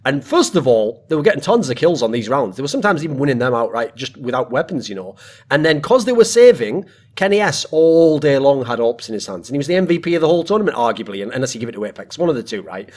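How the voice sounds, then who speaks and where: A male podcast host talks through his analysis in a husky voice, and his pitch swings widely with enthusiasm. He rambles in loose, casual chat. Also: big pitch swings, fast, a little mellow.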